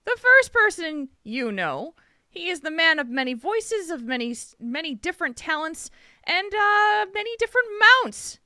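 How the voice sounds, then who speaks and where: A woman's voice: extremely high pitch, sing-song, moderate pace, bright, forceful tone, no room sound, studio quality. A woman hosting a podcast in casual chat, bubbly and laughing often. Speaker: podcast host.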